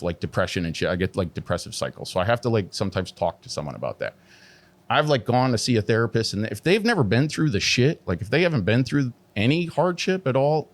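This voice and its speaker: A middle-aged man, a tattoo artist guest, telling his story candidly and animatedly, full of swearing and "like" fillers. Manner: heavy swearing, constant "like" fillers; animated, pitch jumps when emphatic.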